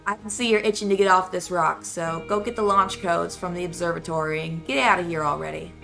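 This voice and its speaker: A woman voicing a brisk alien flight instructor with a put-on Southern accent, reading game dialogue in a matter-of-fact, bossy way. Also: fairly low pitch, fairly even intonation, gravelly, sharp tone, soft background music. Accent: put-on American Southern.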